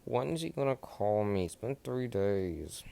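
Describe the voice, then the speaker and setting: A man's voice: fairly low pitch, big pitch swings, unhurried, vocal fry, warm tone, clear, resonant tone, full character voice. A man voicing an eager, lovestruck young woman in a fan story.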